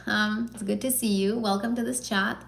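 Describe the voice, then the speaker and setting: Woman teacher on a live stream, bit of vocal fry, echoey room, chatty and encouraging. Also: medium pitch, fairly even intonation, normal speed. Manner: casual, encouraging, with fillers and self-corrections. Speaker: IELTS teacher.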